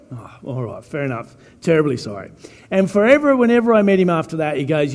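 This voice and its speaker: A man's voice: on the high side, big pitch swings, brisk, darkish tone. A man preaching a chatty, joking sermon as pastor. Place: church hall. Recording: reverberant church hall.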